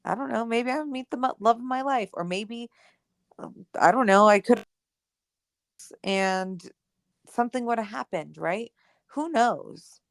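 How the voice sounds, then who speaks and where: Speaking slightly high and at a measured pace with long pauses, a young adult woman co-hosting a podcast tells a personal story in animated, casual chat. She fills it with "like" and "right?" and dramatizes the dialogue she quotes. The recording is studio quality with no room sound.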